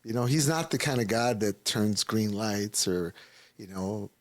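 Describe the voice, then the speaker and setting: A man's voice: on the low side, a little slow, no room sound. A man being interviewed as a guest, telling a personal testimony in a rambling, casual way and acting out the voices of people he quotes.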